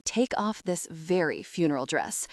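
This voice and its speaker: A woman reading the lines of a confident, possessive adult man who speaks in a low murmur in a romance audiobook. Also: big pitch swings, measured pace, darkish tone, dry recording, clean studio sound, exaggerated voice.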